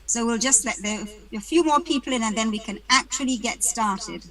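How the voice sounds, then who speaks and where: Female webinar host from the UK, chatty and welcoming on a video call, bright tone. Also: a little high, lively intonation, normal speed, low-quality recording. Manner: chatty, greets attendees by name, self-deprecating jokes.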